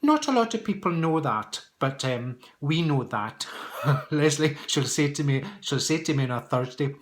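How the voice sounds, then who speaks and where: A man's voice: on the high side, expressive, moderate pace. A middle-aged man answering viewer questions in a casual vlog, chatty and playful, laughing often and teasing his viewers.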